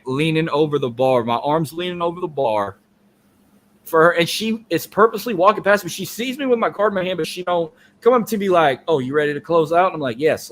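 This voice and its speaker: A man's voice: on the high side, a bit bright, slight background noise. A man co-hosting a podcast, telling a long story in casual, profane, rambling chat. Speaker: podcast co-host.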